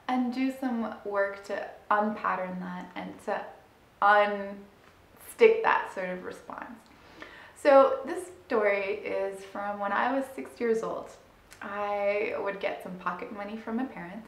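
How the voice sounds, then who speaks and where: A woman in her thirties telling a personal story as a money mindset coach, animated and laughing as she goes, climbing high and loud at the exciting moments. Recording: roomy echo.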